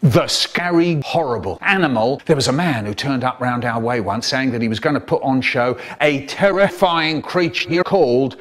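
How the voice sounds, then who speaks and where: A man's voice: medium pitch, expressive, normal speed, hardly any pauses, a bit bright. A man telling playful children's stories in a comedic spliced edit, acting out characters in different voices. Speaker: storyteller.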